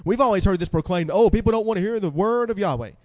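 A man preaching a sermon with animated delivery, asking the congregation questions and reading scripture aloud. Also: high voice, fast, in a large hall.

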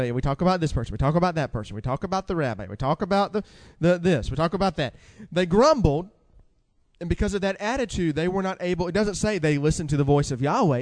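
A man preaching a sermon with animated delivery, asking the congregation questions and reading scripture aloud. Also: a little high, big-room sound.

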